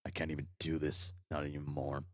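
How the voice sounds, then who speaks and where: A man reading aloud as a furious, foul-mouthed young male troll, ranting and swearing at himself in shouted tirades. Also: rumbling low, completely flat delivery, a little fast, no echo, clean studio sound. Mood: bitter.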